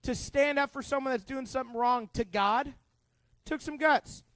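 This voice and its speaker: A youth pastor talking to middle schoolers, lively and chatty, acting out the characters and questioning the room. His voice sits high for a man, and the sound is dry and close. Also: moderate pace, no room sound. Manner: animated, conversational, acts out characters, asks the group questions. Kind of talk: youth group Bible teaching.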